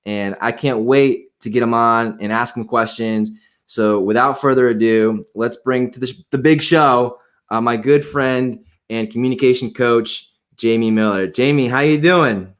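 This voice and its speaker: A man's voice: mid-range voice, a little slow. Brief: eager male host, mid-range voice, casual and chatty. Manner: excited, enthusiastic. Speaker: podcast host. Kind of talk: casual interview hosting.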